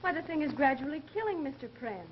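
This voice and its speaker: A woman's voice: high-pitched, animated, quick pace. An actress playing a level-headed female private nurse from England, dry and deflecting in manner. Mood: cool. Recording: 1930s film soundtrack, dull and hissy.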